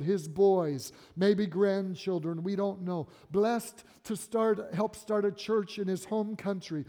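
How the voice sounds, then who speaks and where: A man preaching a sermon as pastor, swinging between emphatic rises and quiet, low drops. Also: long reverb tail.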